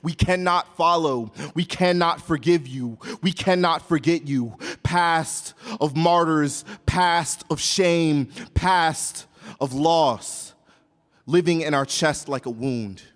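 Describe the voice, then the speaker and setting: Man reciting slow solemn poetry. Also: a little high, long reverb tail. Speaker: spoken word poet. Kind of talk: spoken word poetry performance. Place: large hall stage before an audience.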